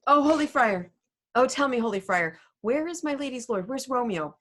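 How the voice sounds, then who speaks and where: A woman reading aloud as a fussy, chattering old female nurse in a casual play reading, in a high exclaiming voice. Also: lively intonation, moderate pace, fairly bright tone, slight background noise. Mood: fussing.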